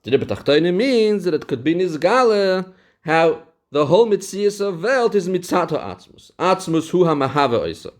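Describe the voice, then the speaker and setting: A fairly high-voiced man, teaching a text lesson in a sing-song study cadence. He reads a Hebrew passage, then unpacks it, circling back over the key terms to drive the point home. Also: sing-song, moderate pace. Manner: reads Hebrew passages aloud, then explains them in Yeshivish English. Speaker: Torah teacher. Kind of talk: Talmudic-style text lesson.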